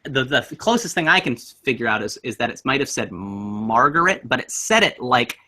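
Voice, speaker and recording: Young man, bright forceful tone, animated casual ghost-story teller. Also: medium pitch, normal speed. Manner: animated, acts out voices in his story.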